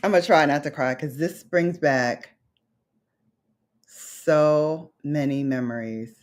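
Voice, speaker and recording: A woman's voice: low-pitched, slow pace. A woman from Brooklyn, a beauty vlogger chatting casually with her viewers, heartfelt and nostalgic, calling them babes and honey. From Brooklyn, New York. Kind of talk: casual livestream chat with viewers.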